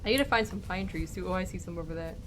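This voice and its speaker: A woman streamer chatting casually with her viewers while playing a game, her voice a bit worn as she says she is losing it, with excitable little exclamations. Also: on the low side, rapid-fire, slight background noise. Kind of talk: casual live gameplay commentary.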